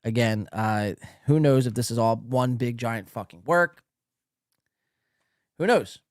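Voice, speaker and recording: A man's voice: medium pitch, takes it slowly, no echo, clean studio sound. A man hosting a podcast, giving crude, mocking, profane commentary. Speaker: podcast host.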